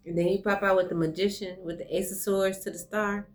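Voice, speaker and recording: A woman's voice: medium pitch, fairly even intonation, moderate pace, pauses often. A woman giving a casual online tarot reading, effusive and speaking straight to the viewer. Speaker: tarot reader. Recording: music playing clearly behind her voice.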